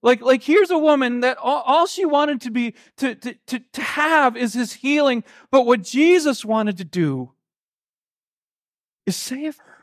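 A man preaching a sermon, retelling a Gospel story in an earnest, halting way, with frequent restarts and slow, quiet quotations. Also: very high voice, expressive. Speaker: pastor.

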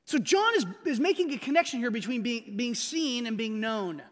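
A man preaching a sermon with a strikingly high voice, his words trailing into the long reverb of a big church hall. He talks in a conversational way, slows down hard on the phrases he wants to land, and keeps asking his listeners if they follow. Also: lively intonation. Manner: emphatic, slows down to stress key phrases; conversational, asks the audience questions. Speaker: pastor.

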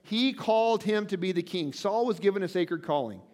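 High-voiced male pastor in a reverberant hall. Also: expressive, normal speed, darkish tone. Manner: conversational, often checks in with "right?"; reads scripture aloud with wry asides. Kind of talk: sermon.

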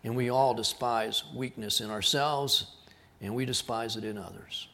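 A man from South Texas, preaching a sermon as a pastor, with an earnest delivery that drops to quiet emphasis on key words. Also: medium pitch, steady tone, moderate pace.

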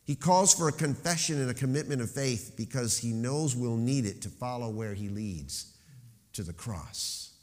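A man preaching a sermon as pastor, emphatic, slowing to stress key phrases and dropping into rhetorical questions. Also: medium pitch, animated, a little mellow, long reverb tail.

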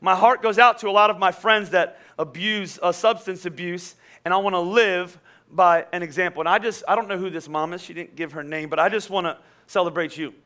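A man's voice: high-pitched, brisk, sharp tone. A man in his forties preaching a sermon in a conversational way that builds to emphatic peaks. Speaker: pastor.

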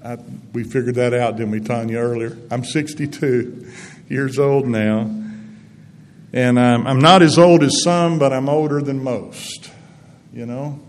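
A man's voice: mid-range voice, measured pace. Older man telling stories in a hall. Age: 60s. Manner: folksy storytelling, gentle and earnest. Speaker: guest speaker. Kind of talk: testimony-style sermon. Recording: long reverb in a hall, faint background noise.

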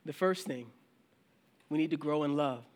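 High-voiced man preaching conversationally. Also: moderate pace, a little mellow. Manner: conversational preaching, acts out questions from listeners; frequent restarts and filler phrases. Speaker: pastor. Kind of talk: sermon.

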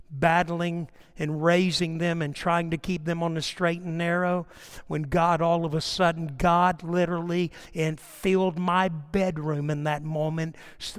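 An older male pastor delivers a sermon, weaving personal family stories into scripture. His voice sits fairly high for a man and swells with passion as he drives home each point. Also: smooth. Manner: impassioned, storytelling preacher with swelling emphasis.

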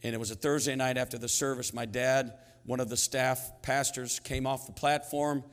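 A man in his sixties preaching a sermon, telling stories in a lively, humorous way that swings between hushed and loud. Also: mid-range voice, normal speed. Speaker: pastor. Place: church sanctuary. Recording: long hall reverb in sanctuary.

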